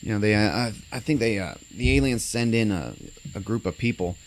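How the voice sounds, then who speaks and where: A man's voice: lowish voice, animated, a little fast. A man casually recapping a movie on a podcast, rambling with lots of fillers and acting out lines. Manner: rambling, many fillers, acts out quotes.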